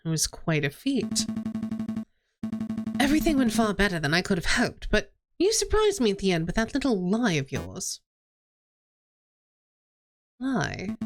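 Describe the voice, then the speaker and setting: A woman voicing a calm, principled male rooster prosecutor who speaks in a measured, formal way. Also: medium pitch, music in the background. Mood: reflective.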